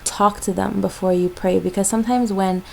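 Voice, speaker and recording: A woman's voice: mid-range voice, steady tone, moderate pace, creaky, a little hiss or hum, poor audio. A young woman from Jamaica, a mother, giving parenting tips in a casual, chatty vlog with lots of ums and likes.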